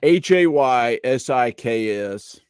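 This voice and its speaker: A man's voice: mid-range voice, slow pace, darkish tone, clear, resonant tone, no room sound, studio quality. A man hosting a casual gaming chat, joking around and playful. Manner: playful, jokey, puts on accents. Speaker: podcast host.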